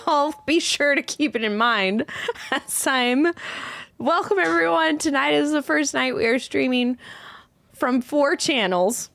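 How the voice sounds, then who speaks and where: A woman's voice: high-pitched, slow, creaky, fairly bright tone. A woman hosting a casual livestream, chatting and greeting viewers one by one by name, a little scattered as she reads comments. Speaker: host, yarn studio owner.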